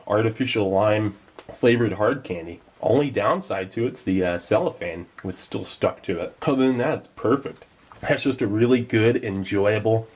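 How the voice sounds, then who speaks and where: A man's voice: lowish voice, a little mellow, slightly rough. A man giving casual, enthusiastic commentary while tasting old rations, sometimes talking with his mouth full. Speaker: food tasting vlogger.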